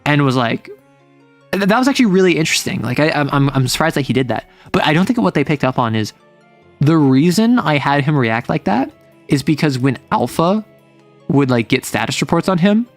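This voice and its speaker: A man's voice: a little high, very animated, brisk, soft background music. A man streaming from home, casually retelling his tabletop game session in a rambling way full of fillers and self-corrections.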